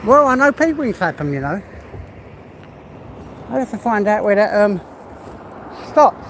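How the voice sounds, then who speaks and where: A vlogger with an East London accent speaks at normal speed in a high-pitched, fairly bright voice with big pitch swings. He's walking his dog outdoors on a busy street, chatting casually and rambling with mild swearing, traffic noise in the background.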